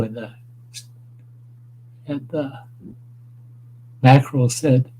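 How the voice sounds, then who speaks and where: A man's voice: mid-range voice, slow, pauses often, breathy edge, low-quality recording. A man hosting a casual livestream, telling rambling, profane stories about food and fishing. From northern Wisconsin. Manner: profane, rambling, animated storyteller. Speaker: livestream host. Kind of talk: casual storytelling chat.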